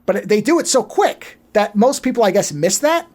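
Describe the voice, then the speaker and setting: A podcast co-host recapping a film in casual chat, animated and profane, acting out the characters' lines as the story goes. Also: mid-range voice, moderate pace. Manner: animated storyteller, swears freely.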